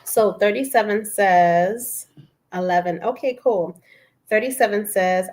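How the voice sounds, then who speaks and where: A woman hosting a live stream, reading affirmations aloud slowly and softly and adding encouraging asides to viewers, with a lilt. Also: mid-range voice, rough recording. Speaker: livestream host reading affirmations. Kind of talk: casual live stream chat.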